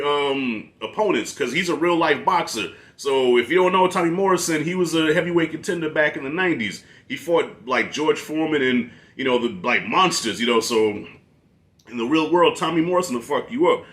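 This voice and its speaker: A man chatting as a guest movie reviewer, animated and informal, often restarting his sentences. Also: fairly high pitch. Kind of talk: casual conversational film review.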